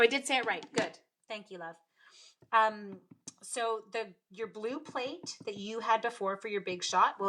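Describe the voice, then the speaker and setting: A woman's voice: medium pitch, a bit bright, a little hiss or hum. A woman chatting bubbly and casual through a live card-making demonstration from her home craft room. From Canada. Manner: chatty and bubbly, greets viewers. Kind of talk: live-stream crafting demo.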